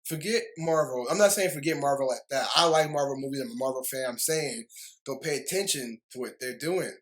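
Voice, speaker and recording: A man's voice: medium pitch, fairly quick, rough recording. A young man delivering a heated, rambling movie review rant, often stumbling over his words and apologizing. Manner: heated, repetitive ranting with frequent apologies. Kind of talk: ranting video review.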